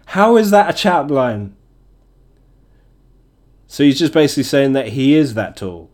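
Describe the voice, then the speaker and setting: A man's voice: mid-range voice, big pitch swings, a little slow, long pauses, a little mellow. A man hosting a casual comedy chat, mocking lines and laughing often between them. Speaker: podcast host.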